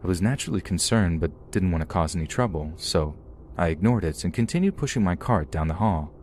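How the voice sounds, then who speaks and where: A man with a very low, deep voice reads a scripted horror story in an even, measured way. A faint hiss of noise sits under his narration. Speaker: podcast narrator.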